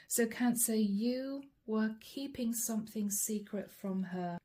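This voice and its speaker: A woman's voice: a little high, a little slow, hardly any pauses, warm tone. A woman doing a channeled tarot reading, chatting directly to her viewers as she reads the cards aloud. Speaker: tarot card reader.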